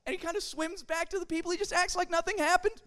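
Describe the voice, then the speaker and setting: A young adult telling a funny story to a church group, in a chatty, animated way with casual fillers. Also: extremely high pitch, fast. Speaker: speaker at a church youth gathering. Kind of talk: humorous storytelling talk to a group.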